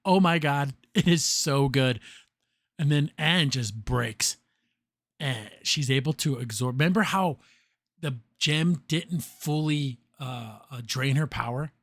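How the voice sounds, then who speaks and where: A man hosting a podcast, recapping an episode in a loose, filler-heavy way and acting out characters' lines in quick put-on voices. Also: medium pitch, fairly bright tone, dry recording, studio quality. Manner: filler-heavy, restarts often. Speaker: podcast host reviewing a cartoon.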